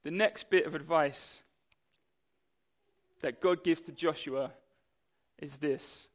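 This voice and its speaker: A young man delivers a sermon. He tells a personal story with animation, acting out the people in it. His voice sits slightly high for a man. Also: takes it slowly, long pauses. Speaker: pastor.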